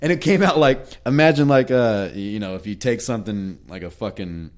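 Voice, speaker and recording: A man's voice: fairly low pitch, fairly quick. A young man co-hosting a podcast, telling a long story in a rambling, profane way full of "like" and "man". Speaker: podcast co-host. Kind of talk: casual storytelling.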